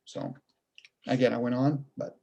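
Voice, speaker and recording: A man's voice: medium pitch, little pitch movement, moderate pace, vocal fry, mellow, highs cut off. A man ranting casually on a video call, blunt and profane, firing off rhetorical questions. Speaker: video call participant sharing views.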